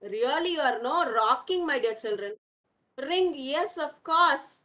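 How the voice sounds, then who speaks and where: A primary school English teacher, a woman with a high, expressive voice and a sharp tone, teaches young children online. She repeats words for them and drills them slowly, calling her pupils "my dear children." The recording is rough.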